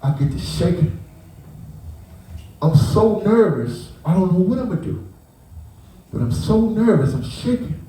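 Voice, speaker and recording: A man's voice: sits high, moderate pace. A man, the uncle of a victim, telling an emotional story and acting out the scene, stumbling and repeating words. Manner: animated, acts out the scene, restarts and repeats words. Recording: very echoey, voice picked up from far off.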